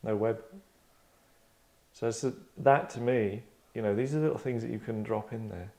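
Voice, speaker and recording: A man's voice: lowish voice, moderate pace, dark tone. A middle-aged man hosting a casual discussion, rambling and breaking off his sentences to act out lines. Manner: rambling, self-interrupting, acts out quotes. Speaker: writer and podcast host.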